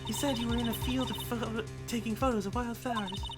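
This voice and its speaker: A woman voicing a confident young female defense attorney, reading her arguments firmly over loud game music. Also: fairly high pitch, fairly even intonation, brisk, pitched above the performer's own voice, natural voice. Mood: pressing.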